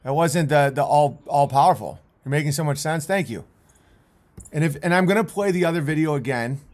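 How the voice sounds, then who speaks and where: A man's voice: on the high side, fairly quick, darkish tone. A man commentating on video clips in a rambling, intense way, with many restarts.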